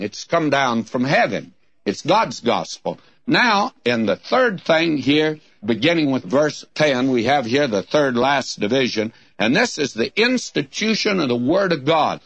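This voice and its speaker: A man's voice: mid-range voice, big pitch swings, unhurried, a bit bright, dry recording. Folksy Bible teacher man, dry close sound. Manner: folksy, addresses listeners as friend; reads scripture in old-fashioned wording. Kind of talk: recorded radio Bible study sermon.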